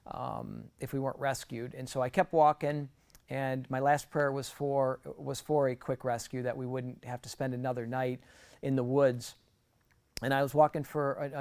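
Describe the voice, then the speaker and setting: Gravelly-voiced man telling his testimony. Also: medium pitch, a little mellow. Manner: earnest, conversational, frequent restarts. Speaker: guest speaker. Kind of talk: personal testimony storytelling.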